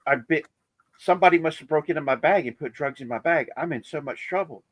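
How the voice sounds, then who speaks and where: A man's voice: a little high, quick pace, fairly bright tone, dry recording, voice pushed up. A panicked woman traveler blurts out her worries at an airport check, her voice lifted well above the man's own, as a man puts her on. She sounds frantic and exclaiming, and the room around her is dry and close.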